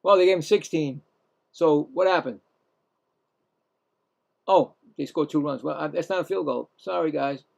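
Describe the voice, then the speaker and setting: Guy doing live baseball play-by-play, kinda high and gravelly, rambly and jokey. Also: moderate pace, pauses often. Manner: rambling, self-mocking, stumbles and corrects himself. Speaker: play-by-play host. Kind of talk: casual live baseball commentary.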